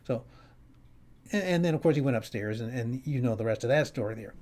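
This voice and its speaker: A male comedian telling a wry story at home in a halting, restarting way. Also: medium pitch, expressive, darkish tone. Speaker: comedian and host. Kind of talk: storytelling monologue. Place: his home, upstairs.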